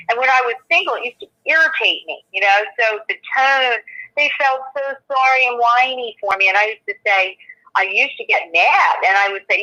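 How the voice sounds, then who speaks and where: A middle-aged woman coaching on relationships, with a bright, forceful voice. She talks animatedly and with emphasis as she walks through her slides. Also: on the high side, normal speed, highs cut off. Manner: animated, emphatic, acts out quoted dialogue. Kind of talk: guest presentation with slides.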